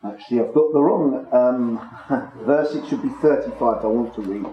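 A man teaching from the Bible to a small congregation in a measured, explanatory way, stressing key words. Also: medium pitch, highs cut off, slight background noise. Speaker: preacher. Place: room with a small gathering. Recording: echoey room.

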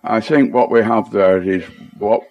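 A man's voice: fairly low pitch, fairly even intonation, unhurried, no room sound, lo-fi sound. A man with a Lancashire accent in a Bible study discussion, explaining word meanings in a tentative, self-deprecating way with frequent restarts. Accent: Lancashire English.

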